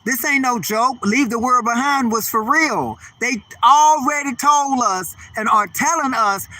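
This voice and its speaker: An older male comedian in a profane, rambling rant. His voice is very high and bright, and he keeps piling up his complaints. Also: measured pace. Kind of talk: stand-up style ranting monologue.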